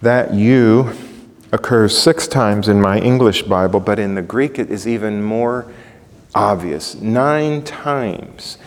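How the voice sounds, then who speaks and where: A man's voice: on the low side, slow, in a large hall. A man preaching a sermon, emphatic and building in intensity through repetition. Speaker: pastor.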